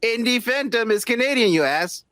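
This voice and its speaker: A man's voice: animated, normal speed, fairly bright tone, dry recording, studio quality. A man co-hosting a podcast who argues back defensively in profane casual banter. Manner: defensive, argumentative, swings up and down in pitch. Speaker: podcast co-host.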